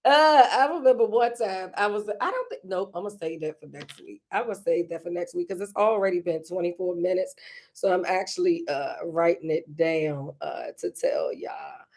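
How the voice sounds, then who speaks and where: A woman's voice: fairly low pitch, a little mellow. A woman hosting a casual, reflective monologue, emotional and repeating herself, with frequent laughs. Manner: conversational, slow, emotional, laughs often, repeats phrases. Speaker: podcast host.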